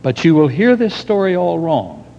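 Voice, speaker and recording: Male preacher, unhurried dramatic sermon storytelling, higher voice, long hall echo. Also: huge pitch swings, creaky, warm tone. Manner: slow and dramatic, long pauses. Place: church hall with audience. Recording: long hall reverb, dull lo-fi, faint rumble.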